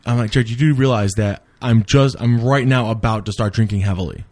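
A man telling a rambling story in casual chat, animated and full of swearing, acting out what people said. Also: fairly low pitch, fairly quick, no echo. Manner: animated, swears a lot, acts out quotes.

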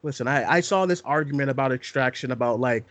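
A man's voice: medium pitch, fast talker, fairly bright tone, no room sound. A young man co-hosting a casual movie podcast, ranting emphatically and repeating "listen" to hold the floor. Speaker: podcast co-host.

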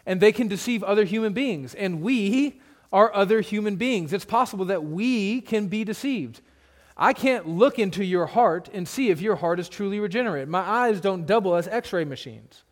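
Male pastor in the pulpit, slightly high voice, plain-spoken teaching with light humor and emphatic repetition. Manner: conversational preaching with humorous asides; repeats points for emphasis. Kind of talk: expository sermon.

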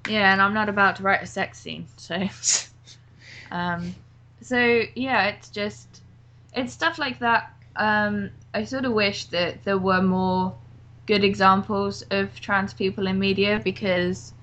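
A woman with a bright, sharp voice chats casually and pokes fun at herself as she rambles. The recording sounds dull and lo-fi. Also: medium pitch, fairly even intonation, slow pace. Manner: self-deprecating, rambling with fillers. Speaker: podcast co-host and writer. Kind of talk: casual chat.

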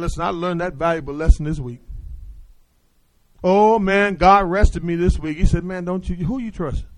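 A man preaches with a very high, ringing voice, stretching his phrases slowly and leaning into each one. He swings from shouted declarations to hushed, confiding asides. The sound is dry and close, with no room echo. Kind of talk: sermon.

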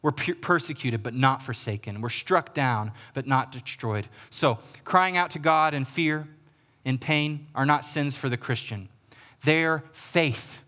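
A man preaching a sermon as pastor in a church, earnest, with slow emphatic rises and soft, quiet drops. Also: mid-range voice. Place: church sanctuary.

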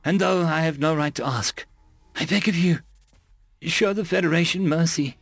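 A man's voice: a little high, moderate pace, dry recording, soft background music, pitched above the performer's own voice. A man voicing a timid female alien envoy from a prey species, who speaks in an apologetic, stammering way in an audiobook. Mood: pleading. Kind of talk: audiobook character voice.

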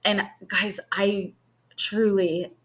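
A woman in her thirties co-hosting a podcast in casual chat, a lively storyteller who laughs often. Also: medium pitch, very slow. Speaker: podcast co-host.

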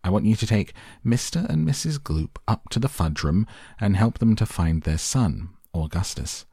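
A man's voice: lowish voice, expressive, moderate pace, creaky, dark tone, slightly rough, dry recording, studio quality, voice pushed up, heavily acted. A man doing Willy Wonka, giggling eccentric. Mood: breezy. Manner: airy, soothing, giggling. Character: giggling, eccentric male chocolate maker, breezy.

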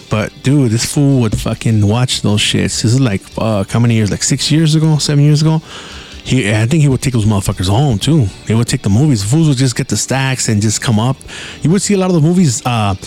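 A man's voice: medium pitch, a little mellow. A man hosting a podcast, telling rambling stories with heavy swearing and laid-back slang. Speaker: podcast host. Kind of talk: casual storytelling.

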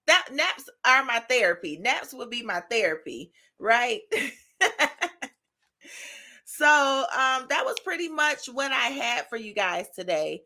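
Bright-voiced chatty woman podcast host. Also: on the high side, very animated, a little slow. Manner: chatty, encouraging, laughs often, keeps asking "right?". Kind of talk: casual devotional talk.

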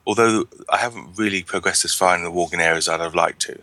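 Wry deep-voiced man chatting. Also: fast, pushed and bright, no room sound. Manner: chatty, wry, rambling with restarts. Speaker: podcast co-host. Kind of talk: casual chat.

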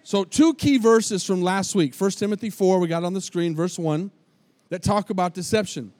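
A man's voice: high-pitched, normal speed, darkish tone, no echo. A man, a lead pastor, preaching a folksy sermon and calling for responses from his congregation in a tin-roofed church.

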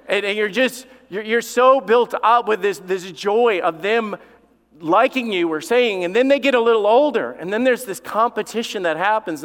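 A middle-aged man preaches in a church sanctuary, his fairly high voice ringing with a long hall reverb. He talks in a conversational, storytelling way, laughing now and then and pushing up for emphasis. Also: fairly bright tone, clear, resonant tone. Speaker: pastor. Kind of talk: sermon.

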